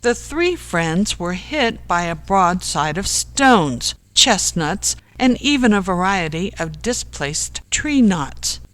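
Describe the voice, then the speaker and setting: A slow, measured storyteller reads a comic novel aloud. The delivery is unhurried and steady, at a middling pitch, with each phrase given room. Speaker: audiobook narrator. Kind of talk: scripted narration.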